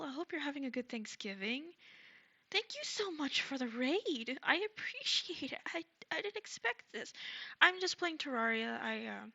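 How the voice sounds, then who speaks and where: A sick woman streaming a game live, chatting casually and gushing with excitement as she thanks her viewers. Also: high-pitched, gravelly, muffled recording.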